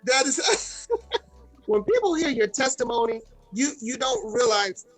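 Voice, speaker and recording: A man's voice: very high voice, big pitch swings, unhurried, no room sound, soft background music, rough recording. A man hosting a talk show, chatting casually and cheerfully plugging the show with repeated phrases. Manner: repeats words, upbeat promo patter. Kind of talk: casual chat.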